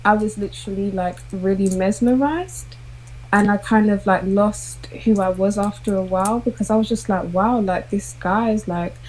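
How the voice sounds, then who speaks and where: A woman's voice: medium pitch, moderate pace, darkish tone, poor audio. A young woman telling a personal dating story in casual chat, hesitant and full of fillers. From South London. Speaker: guest.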